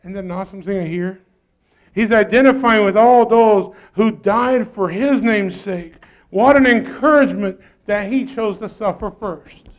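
High-voiced preacher man. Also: normal speed. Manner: preaching with call-and-response to congregation, folksy phrasing. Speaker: pastor. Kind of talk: sermon. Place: church sanctuary.

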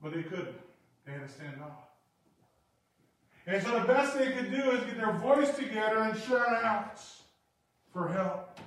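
Animated preacher man in an echoey hall. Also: high-pitched, unhurried, long pauses, distant mic. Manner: animated, swings from quiet to shouting. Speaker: pastor. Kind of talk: sermon.

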